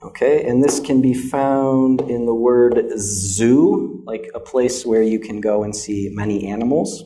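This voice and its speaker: A man's voice: medium pitch, a little slow, dark tone. A young American man teaching English pronunciation in a classroom lesson, patient and checking in with a frequent "okay?".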